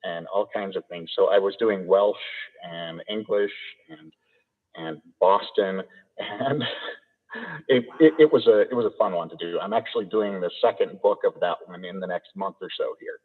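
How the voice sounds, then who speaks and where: Low-pitched and moderately paced, the Idaho-born audiobook narrator answers an interviewer in a relaxed manner, with frequent chuckles and restarts where he repeats words. The audio is a tinny call that echoes in a hall.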